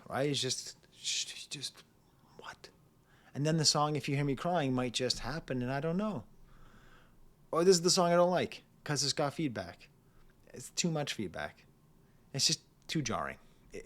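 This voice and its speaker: A man hosting his own record review channel, talking casually through an album with rambling, digressive asides and frequent laughter. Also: medium pitch. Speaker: music reviewer, channel host.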